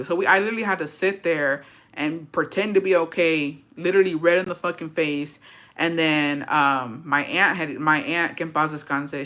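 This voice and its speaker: A woman's voice: low voice, pushed and bright. A young woman telling a personal story in a casual vlog, blunt and swearing a lot, rambling with fillers and slipping into Spanish.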